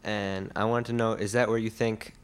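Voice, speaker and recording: Hesitant low-voiced male interviewer. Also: flat delivery, normal speed, smooth. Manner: hesitant, with fillers. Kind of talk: interview questions.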